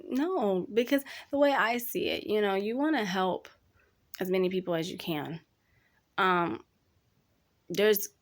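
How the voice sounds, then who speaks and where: Young woman chatting real candid to her listeners, says y'all, voice sits kinda low. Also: vocal fry. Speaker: podcast host. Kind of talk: casual advice talk.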